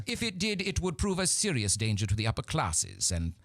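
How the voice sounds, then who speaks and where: A woman's voice: a bass voice, big pitch swings, moderate pace, exaggerated voice. A man voicing a haughty, aristocratic older woman with a put-on British accent, in a grand, imperious manner.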